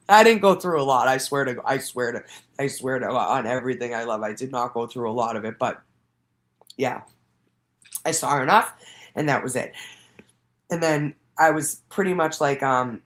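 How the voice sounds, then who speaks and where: A woman hosts her own livestream show and tells a long, casual story. She rambles, swears freely and breaks into laughter often. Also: very deep voice.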